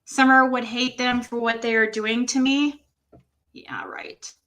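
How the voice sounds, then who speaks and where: A woman's voice: on the high side, flat delivery, moderate pace, pushed and bright, dull audio. A woman hosting a livestream, reading text messages aloud and reacting to them with exclamations and laughter. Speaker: livestream host.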